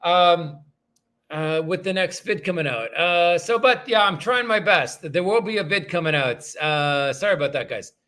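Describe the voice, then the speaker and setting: A man with a high, bright voice hosts a relaxed livestream, thanking viewers one after another. His talk rambles with frequent restarts, and he pokes fun at himself along the way. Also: moderate pace, few pauses. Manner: rambling, self-deprecating, thanks viewers often. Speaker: livestream host reading viewer comments. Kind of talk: casual livestream chat.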